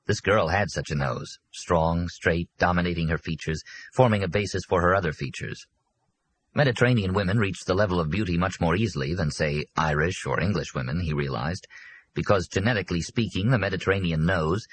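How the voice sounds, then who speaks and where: A man narrating an audiobook in a steady, measured storytelling manner. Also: low-pitched, breathy edge, rough recording. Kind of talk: scripted narration.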